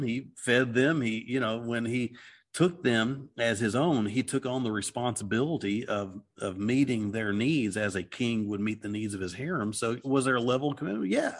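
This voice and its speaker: A middle-aged man talking through a Bible passage in casual discussion, earnest and rambling, with many restarts and "okay"s. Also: medium pitch. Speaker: Christian teacher.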